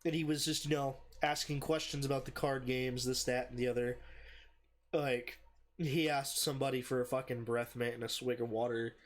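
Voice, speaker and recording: A young man hosting a casual podcast, telling a long story with plenty of swearing. He talks at an everyday pitch and jumps into loud, high voices when he quotes people. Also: moderate pace. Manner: profane, animated, shouts in quoted voices.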